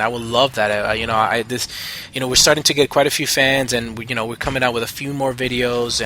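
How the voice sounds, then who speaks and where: A man's voice: mid-range voice, pushed and bright, slight background noise. A man giving a rambling, enthusiastic voice-over for a gameplay video, full of fillers and restarts as he explains team tactics. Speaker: gaming video host.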